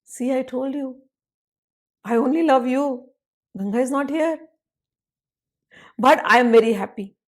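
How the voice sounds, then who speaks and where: A woman voicing a patient, loving male god who speaks in a soft, tender, doting voice. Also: sits high, measured pace, pauses often, voice pushed up. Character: calm, adoring male god, patient husband.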